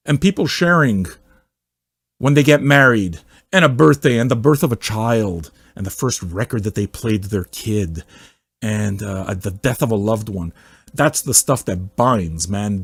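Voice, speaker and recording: A man hosting a music podcast, ranting casually and swearing a lot, swinging from loud mocking outbursts to low muttering. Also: slightly rough, no room sound. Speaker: podcast host. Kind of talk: casual profane rant.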